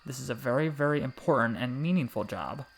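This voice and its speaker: A man voicing a small, gentle and wise male frog who speaks softly and protectively. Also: medium pitch, a little fast, gravelly, a little hiss or hum, close to an everyday voice. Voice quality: soft little voice. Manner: warm, fatherly, calls the boy "little one".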